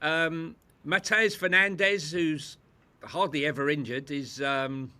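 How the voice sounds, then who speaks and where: A high-pitched man with a bright, forceful voice, co-hosting a casual fan chat. He sounds incredulous and sarcastic, breaking into laughter between his complaints. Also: fairly even intonation, slow, clear, resonant tone. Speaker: co-host.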